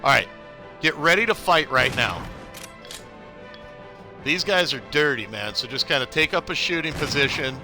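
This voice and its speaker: A man's voice: medium pitch, animated, normal speed, creaky, long pauses, over music. A young man streaming a video game live, chatty and upbeat, greeting viewers by name while giving tips. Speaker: gaming livestreamer. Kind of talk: casual live gameplay commentary.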